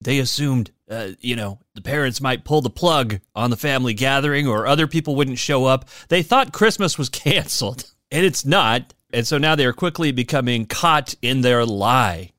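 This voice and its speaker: A man's voice: mid-range voice, normal speed, few pauses, no echo, clean studio sound. A man hosting a podcast, chatting easily and wrapping up the episode with a few "uh" fillers. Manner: easygoing, relaxed, light fillers. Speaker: podcast host. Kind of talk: casual chat and show wrap-up.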